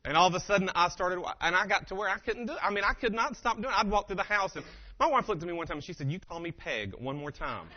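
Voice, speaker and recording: A man giving a humorous motivational keynote, telling stories with animated delivery and acting out quotes, on a dull lo-fi recording. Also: high voice, very fast. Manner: animated, acts out quotes and impressions.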